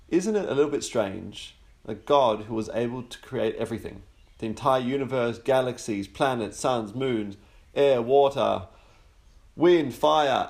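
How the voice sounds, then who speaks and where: Man giving a measured Sabbath talk. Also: mid-range voice. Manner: measured, slows down to stress key words and builds through long lists. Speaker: podcast host teaching on the Sabbath. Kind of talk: relaxed religious teaching with an opening joke.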